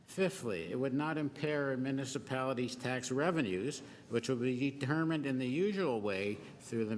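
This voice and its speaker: A man giving a formal prepared deputation to a council committee, listing his points one by one in a measured way and quoting from a report. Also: medium pitch. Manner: measured, enumerating points, reading quotations. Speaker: business association deputant. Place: large council chamber. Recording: long-reverb council chamber with faint noise.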